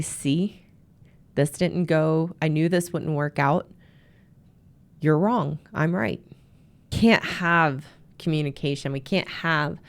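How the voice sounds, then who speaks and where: A woman host and marriage coach giving earnest advice, often repeating words as she restarts. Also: low voice. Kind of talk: advice talk to camera.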